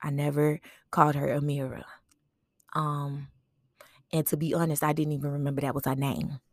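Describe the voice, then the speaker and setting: A podcast host speaks in a low, fairly flat voice at normal speed, recorded dry with studio quality. She tells a personal memorial story conversationally, reflective and full of fillers, often checking in with "right?"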